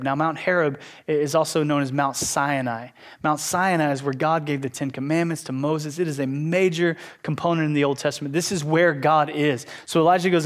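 Animated male Bible teacher. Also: on the high side, fairly quick. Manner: animated, conversational storytelling. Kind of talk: sermon.

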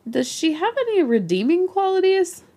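A woman's voice: very high-pitched, very animated, moderate pace, dark tone, pitched above the performer's own voice, heavily acted. A woman doing a cheeky, randy young space pirate.

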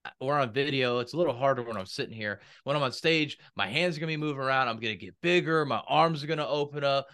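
A man's voice: mid-range voice, fast talker, pushed and bright. A man talking casually in a podcast conversation about speaking and business, and he acts out quoted voices.

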